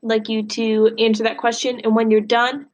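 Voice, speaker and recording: A woman teacher leads a reading lesson with a fairly high voice. She reads from a novel and stops to pose questions to her students. Her delivery is clear and guiding. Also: little pitch movement, moderate pace.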